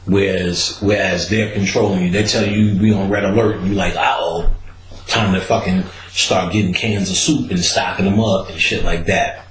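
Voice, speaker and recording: Casting note: podcast host, male, animated storyteller, roomy echoey sound. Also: normal speed, a little hiss or hum. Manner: animated, acts out quotes with big pitch jumps and laughter. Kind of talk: casual storytelling.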